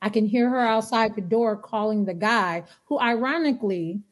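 A woman guest in casual podcast chat, telling a personal story in an animated way and acting out what people said. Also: fairly high pitch, moderate pace.

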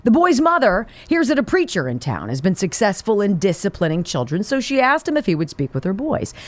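A woman's voice: mid-range voice, sing-song, a little fast, dry recording. A woman co-hosting a talk show, trading jokes playfully and laughing at her own punchlines. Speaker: radio show co-host. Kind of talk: casual joke-telling banter.

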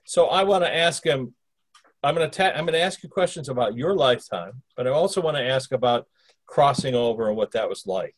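This man's medium-pitched voice is brisk and animated as he hosts a relaxed interview with a spirit speaking through a medium. His questions wander at length, with frequent restarts.

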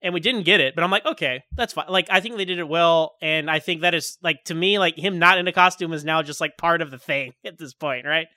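A man's voice: fairly high pitch, no echo, clean studio sound. A man hosting a podcast, chatting casually and laughing often. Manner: animated, fast, laughs often. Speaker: podcast host. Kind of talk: casual chat.

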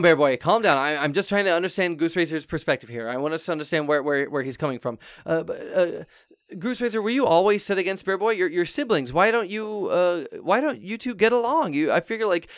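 Flustered talk show host guy, kinda high voice, stammers a lot, dry sound. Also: animated, brisk, no room sound. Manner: flustered, stammering, many restarts. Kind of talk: improvised comedy interview.

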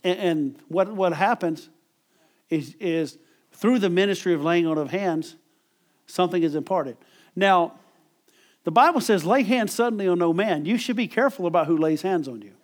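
A man's voice: high-pitched, normal speed, pauses often. A middle-aged man preaching a conversational sermon, often repeating words and chuckling as he talks.

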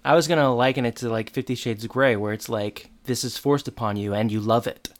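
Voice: medium pitch, fairly even intonation, brisk. A podcast co-host in casual chat, retelling a TV episode with lots of "like" and quoted lines. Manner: chatty, filler-heavy retelling with quoted lines.

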